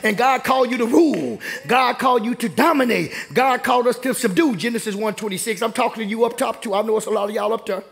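A young man preaches in a church sanctuary, working the room with call-and-response and climbing into shouts. His voice sits very high and carries a gravelly rasp. The delivery is a full sermon to the congregation. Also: quick pace, few pauses. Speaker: pastor.

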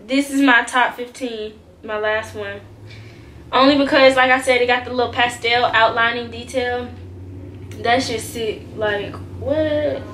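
A young woman hosting a casual shoe-collection vlog, slangy and animated, swearing freely and talking straight to her viewers. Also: a little high, reverberant, slight background noise. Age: young adult. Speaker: vlogger. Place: bedroom with shoes behind her.

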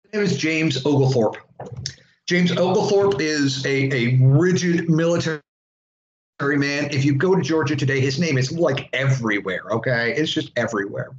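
His voice leans high and his pace is moderate as this Florida-born history teacher chats his way through a classroom lecture, wandering into asides. A faint hiss or hum accompanies the echoey, dull lo-fi recording.

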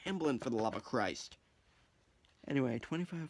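A man's voice: medium pitch, lively intonation, normal speed, pauses often. A man vlogging casually as he scratches lottery tickets, joking, mocking himself and swearing freely.

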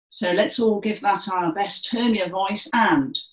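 Woman, dance class leader, encouraging, theatrical projection, slow-paced, roomy echo. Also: medium pitch. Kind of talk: guided movement class instruction. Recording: echoey room.

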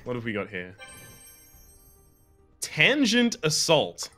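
A man's voice: medium pitch, huge pitch swings, slow pace, bright, forceful tone, soft background music. A man co-playing a game, teasing his friend dryly and swearing casually on a voice call. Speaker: guest co-player. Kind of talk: casual gaming banter.

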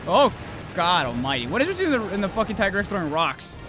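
A man giving profane, excitable commentary while playing a video game, yelling at the monsters. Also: high-pitched, fast talker. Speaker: let's play gamer. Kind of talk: gameplay commentary. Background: game music.

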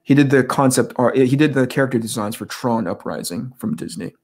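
A man in his forties from the United States, a comic artist telling animated anecdotes in a casual interview, acting out quoted dialogue. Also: mid-range voice, a little fast.

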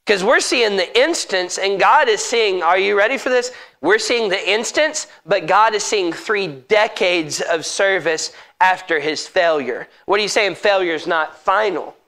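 High-voiced man preaching a sermon. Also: unhurried, hardly any pauses, sharp tone. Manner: emphatic, asks the congregation direct questions. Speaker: pastor. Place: church.

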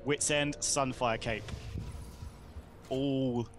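A man's voice: mid-range voice, fairly even intonation, drawn-out words, noisy background. A man teasing and joking with his teammate in casual gameplay chat, swearing now and then. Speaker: co-player.

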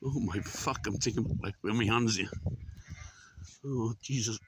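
A man's voice: lowish voice, a little slow, noisy background. A man walking up a hill outdoors at dawn, chatting to the camera, exclaiming and swearing at the sheep around him. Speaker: vlogger. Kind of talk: casual running commentary while walking.

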